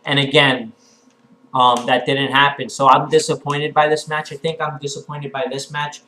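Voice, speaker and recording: A man's voice: a little high, normal speed. A young man talking casually and candidly about a wrestling show, repeating and restarting his phrases, with the odd curse. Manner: candid and excitable, with frequent restarts and mild swearing. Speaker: wrestling fan vlogger. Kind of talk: casual unscripted recap.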